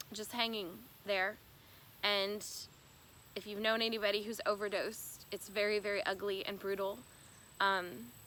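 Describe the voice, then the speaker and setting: Earnest woman, bright voice. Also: mid-range voice, a little hiss or hum. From United States. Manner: earnest, halting, emotional retelling. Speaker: bereaved sister telling her story. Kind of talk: personal testimony.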